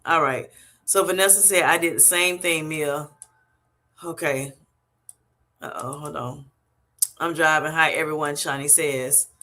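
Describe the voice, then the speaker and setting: Effusive, bright-voiced woman livestreamer. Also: sits low, fairly even intonation, a little slow, pauses often. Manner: effusive, thanking viewers over and over. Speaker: livestream host. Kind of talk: casual live-stream chat.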